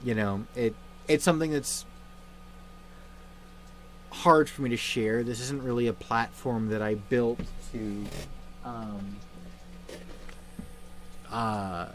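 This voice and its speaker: A young man hosting a livestream, talking in a halting, subdued way with many fillers and restarts, grieving and somber. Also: mid-range voice, fairly even intonation, slight background noise. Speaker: livestream host. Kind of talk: casual livestream chat.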